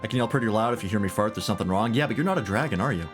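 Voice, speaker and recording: A man's voice: fairly low pitch, expressive, very fast, hardly any pauses. A man giving casual, irreverent let's-play commentary while playing a game. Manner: joking, irreverent. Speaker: gaming streamer. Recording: game music behind voice. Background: game music.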